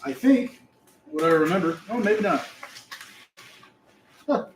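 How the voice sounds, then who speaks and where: A man hosting a casual livestream while he works, talking to himself in a relaxed, mumbling way. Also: sits high, slow pace. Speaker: livestream host, dumpster rental owner. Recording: echoey room with faint noise.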